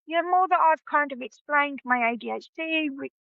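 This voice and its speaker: A high-voiced woman speaks hesitantly, trailing off and restarting as she talks. Her audio comes through slightly muffled and lo-fi, dry with no room sound. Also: moderate pace, vocal fry, dry recording. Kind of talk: casual conversation.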